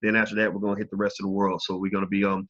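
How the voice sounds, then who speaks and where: A man's voice: low-pitched, monotone, rapid-fire, fairly bright tone. A man hosting his own live video channel, chatting casually and frankly with viewers and swearing freely. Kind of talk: casual livestream chat. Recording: dull lo-fi livestream audio.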